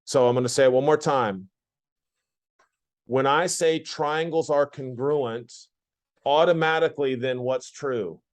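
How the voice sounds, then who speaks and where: In a classroom geometry lesson, a male teacher keeps repeating his points and questioning the class in a plainspoken way. He talks at a measured pace in a mid-range voice.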